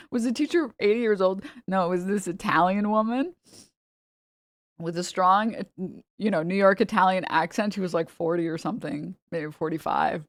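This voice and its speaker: A woman's voice: mid-range voice, normal speed, no echo, studio quality. A woman streamer in casual chat, joking and teasing, laughing often.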